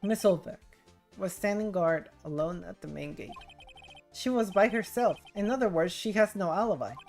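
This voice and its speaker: A woman's voice: mid-range voice, normal speed, creaky, a little mellow, faint music behind, lightly acted. A woman reading the lines of a confident young male defense lawyer in a courtroom game.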